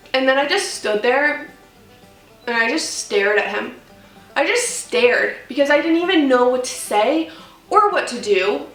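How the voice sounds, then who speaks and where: A woman's voice: on the high side, distant mic. A woman vlogger telling a story as a rant, swearing freely and acting out her own comebacks. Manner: profane, animated, acting out her own retorts. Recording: roomy room, off-mic, faint music.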